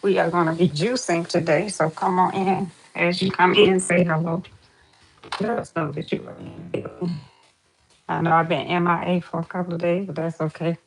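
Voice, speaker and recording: A woman's voice: lowish voice, little pitch movement, normal speed. A woman hosting a casual live stream, chatty and greeting viewers over and over. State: out of breath.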